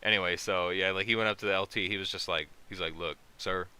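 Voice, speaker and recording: Man with a deep, bright, clear voice. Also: fairly even intonation, quick pace. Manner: profane, rambling war-story telling with many fillers. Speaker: podcast host. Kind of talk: casual storytelling chat.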